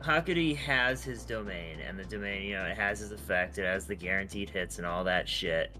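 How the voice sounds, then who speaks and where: Man, low pitch, bright sharp tone, relaxed explainer, podcast. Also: brisk, faint music behind. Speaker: podcast co-host. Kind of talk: casual chat.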